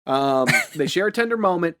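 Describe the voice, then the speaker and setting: Lively, high-voiced man recapping. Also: normal speed. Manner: animated, jumps into silly voices for quotes. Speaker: podcast co-host recapping a film. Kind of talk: casual chat.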